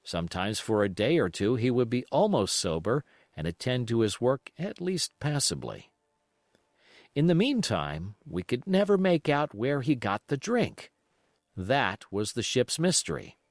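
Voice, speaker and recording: A man reading a classic adventure novel aloud as an expressive audiobook narration. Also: mid-range voice, unhurried, no room sound, studio quality.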